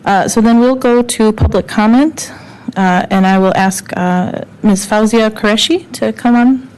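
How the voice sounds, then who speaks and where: A woman's voice: mid-range voice, a little slow, a little mellow, clear, resonant tone, low-quality recording. A woman chairing a county committee meeting, courteous and procedural as she calls on speakers. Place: county committee hearing room.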